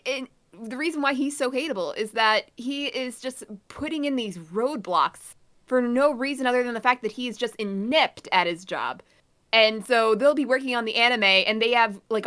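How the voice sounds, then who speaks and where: A woman with a bright, forceful voice pitched a touch high, chatting casually as a podcast co-host. She rants in a blunt, exasperated way.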